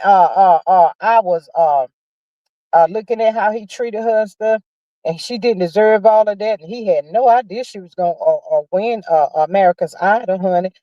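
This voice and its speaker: A woman hosting a casual livestream, chatting about celebrity news in a sassy, drawn-out way and calling viewers honey and child. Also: medium pitch, no echo, dull audio. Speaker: livestream host. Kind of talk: casual gossip chat.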